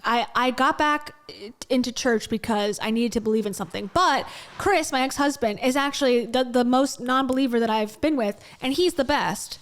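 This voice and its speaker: A woman's voice: a little high, normal speed, hardly any pauses. A woman giving blunt, sarcastic reaction commentary on a podcast clip. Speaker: video commentator.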